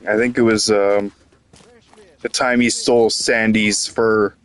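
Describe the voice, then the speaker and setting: A man's voice: lowish voice, little pitch movement, takes it slowly. A man giving casual commentary while playing a video game, frustrated, rambling and swearing. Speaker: gaming YouTuber.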